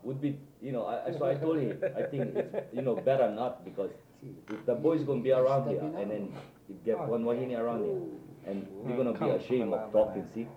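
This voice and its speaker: A man's voice: mid-range voice, fairly quick, crowd noise. A man with a Hawaiian Pidgin accent, telling stories in casual chat and rambling with constant "you know" and "eh?" tags. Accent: Hawaiian Pidgin English. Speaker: local man chatting with friends. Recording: tinny, echoey, faintly noisy tape.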